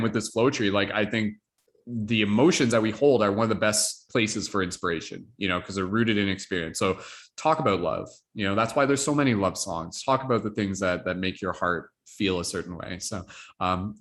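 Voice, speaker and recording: A man's voice: lowish voice, a bit bright. A man hosting a workshop on a video call, chatting casually and rambling with many filler words. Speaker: workshop host. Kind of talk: casual chat with a group.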